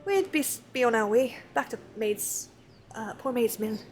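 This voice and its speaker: Rambling pirate crewmate in a salty dialect, higher-pitched and sentimental, a woman doing the voice, faint game music behind. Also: expressive, moderate pace, close to an everyday voice. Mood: rueful. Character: chatty old pirate crewmate, rough and fond. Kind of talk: reading game dialogue aloud.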